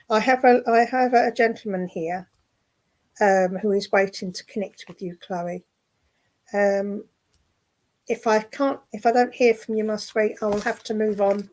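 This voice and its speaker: A woman working as a spiritualist medium in an online service, speaking gently and affectionately, with many fillers and restarts. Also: mid-range voice, fairly even intonation, a little slow, poor audio. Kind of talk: clairvoyant readings in an online service. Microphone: video call.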